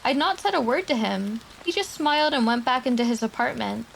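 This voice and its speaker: A woman streamer with a fairly high voice and a lot of gravelly fry reads creepy stories aloud to her chat. She breaks off into casual, chatty asides. Faint rain patters in the background. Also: lively intonation, a little fast, a little hiss or hum, poor audio. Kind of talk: reading horror stories aloud to a live chat.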